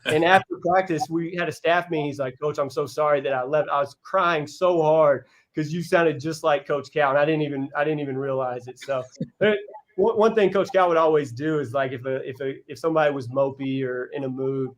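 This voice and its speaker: A man's voice: fairly high pitch, fairly quick. A man, a college basketball head coach, talking on a podcast as a guest, earnest and heartfelt, with frequent restarts as he tells stories. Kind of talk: casual podcast interview storytelling.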